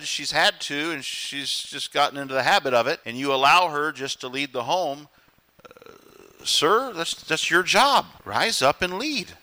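A middle-aged man preaches with emphasis, his voice bright and somewhat high for a man. He drives points home and slips briefly into quoted voices. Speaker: pastor. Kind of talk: sermon.

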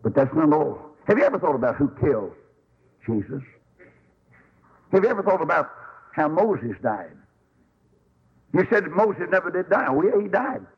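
A man preaching a sermon, telling stories in an animated, folksy way and acting out the quotes. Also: a little high, moderate pace, pauses often, breathy edge, lo-fi sound.

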